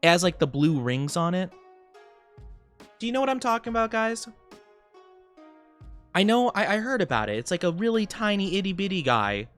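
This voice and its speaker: A man streaming as a VTuber, chatting casually with viewers while he plays and reading chat aloud. He rambles and laughs often, and gets excited when he greets people. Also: high-pitched, moderate pace, long pauses, faint music behind.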